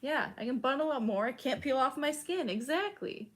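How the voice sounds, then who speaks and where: A woman's voice: sits high, animated, normal speed. A young woman from Chicago chatting casually with her stream's chat, full of "like" and casual swearing. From Chicago, United States.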